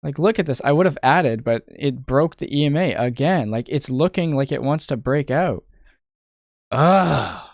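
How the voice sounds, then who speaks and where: A man's voice: medium pitch, expressive, measured pace, gravelly, no echo, studio quality. A young man from Canada streaming his day trading, thinking aloud and muttering in frustration, swearing now and then. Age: young adult. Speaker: day trader streaming live. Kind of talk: casual live-stream commentary.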